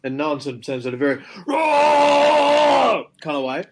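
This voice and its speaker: A man's voice: mid-range voice, flat delivery, rapid-fire, a little hiss or hum. A man playing a tabletop game, playfully describing his character's actions. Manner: playful, laughs often. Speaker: player.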